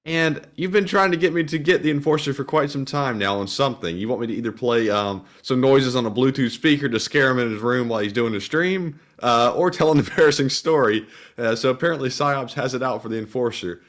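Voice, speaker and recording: A man's voice: mid-range voice, brisk, fairly bright tone. A man co-hosting a livestream, reading donor messages aloud in an easygoing, chuckling way. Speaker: livestream co-host reading donations.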